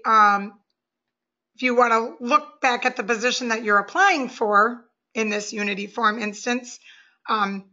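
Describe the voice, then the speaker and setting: Bright high-voiced woman presenter. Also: muffled recording. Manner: friendly, explains step by step. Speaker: software presenter. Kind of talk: webinar walkthrough.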